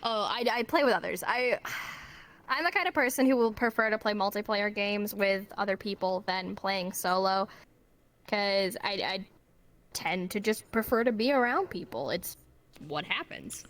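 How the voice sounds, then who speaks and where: A woman being interviewed as a guest on a casual streamed talk show, chatty and quick to laugh. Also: medium pitch, fairly bright tone.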